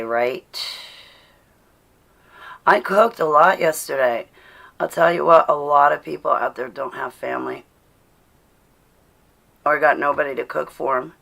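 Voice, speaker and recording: A woman's voice: low-pitched, gravelly, pushed and bright. A woman at home talking casually to her livestream viewers, greeting them by name and often laughing. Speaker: livestream host. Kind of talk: casual live chat to viewers. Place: indoors at home.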